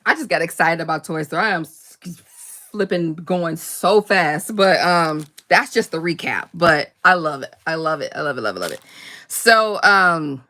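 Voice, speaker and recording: A woman hosting a casual live crafting chat, rambling warmly between laughs and answering viewer comments. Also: on the low side. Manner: chatty and rambling, laughs often, quick asides. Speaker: crafting channel host.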